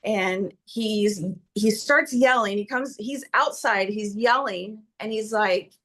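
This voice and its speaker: A woman testifying as petitioner at a court hearing, recounting events in an agitated, rushed way. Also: mid-range voice, a bit bright.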